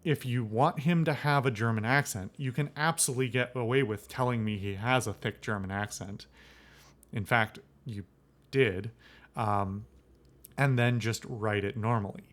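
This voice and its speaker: A man's voice: medium pitch, normal speed. A man hosting a let's play who gives rambling, opinionated commentary. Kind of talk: casual game commentary.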